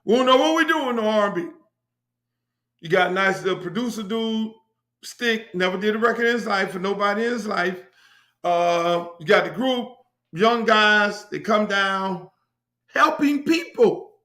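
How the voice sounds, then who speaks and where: A man's voice: high voice, normal speed, pushed and bright, roomy sound. Brash, profane man telling stories. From Miami, USA. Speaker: host. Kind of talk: casual storytelling monologue.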